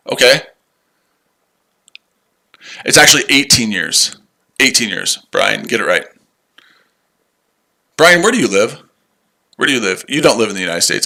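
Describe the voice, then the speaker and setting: Male trading streamer, tired and mocking, bright tense tone. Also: mid-range voice, animated, fairly quick, vocal fry, pauses often. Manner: sarcastic, repetitive, combative. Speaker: trading livestream host. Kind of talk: live trading stream, answering chat.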